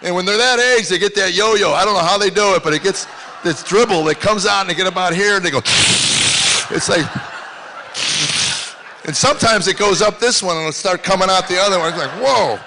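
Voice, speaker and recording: An older man performing a rambling stand-up comedy set on a live stage. He tells stories and swings from low mutters to loud exclamations. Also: fast talker, noisy background.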